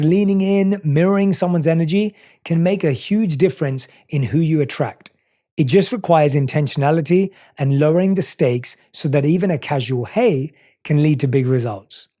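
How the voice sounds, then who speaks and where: A man hosting a podcast, chatting with a guest and reading a calm scripted recap. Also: on the high side. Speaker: podcast host. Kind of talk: casual chat and scripted recap narration.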